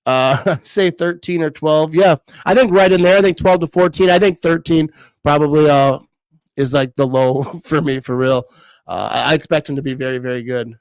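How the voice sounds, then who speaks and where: A man's voice: fairly high pitch, moderate pace, clean tone, no room sound, rough recording. A man in his thirties hosting a casual live stream, rambling and laughing often as he reads comments. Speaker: livestream host reading comments.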